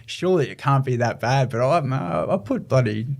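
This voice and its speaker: A man's voice: medium pitch, lively intonation, moderate pace, vocal fry. A young adult man with an Australian accent, talking earnestly in a casual interview with many fillers and restarts. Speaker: guest, ultramarathon runner.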